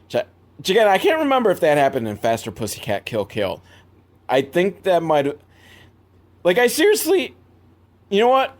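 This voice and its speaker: A young man giving a comedic movie recap, rambling and sarcastic, with sudden jumps in pitch. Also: huge pitch swings, normal speed, long pauses. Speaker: movie reviewer.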